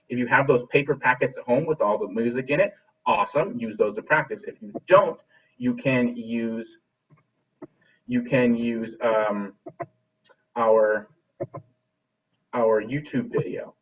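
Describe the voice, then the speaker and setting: A man's voice: medium pitch, normal speed, breathy edge. A man teaching a remote music class over a video call, encouraging and often repeating or restarting his phrases. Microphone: laptop video call. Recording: distant dull video call audio.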